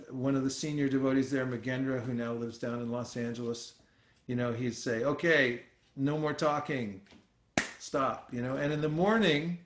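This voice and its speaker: A man giving a scripture class as a spiritual teacher, telling stories in a musing, halting way with fillers. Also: mid-range voice, roomy sound.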